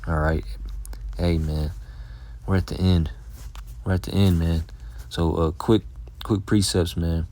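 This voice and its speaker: A man giving a casual, blunt Bible lesson, swearing freely and filling every pause with "all right" and "man". He reads scripture slowly and deliberately. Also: low-pitched, steady tone, warm tone. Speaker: Bible teacher.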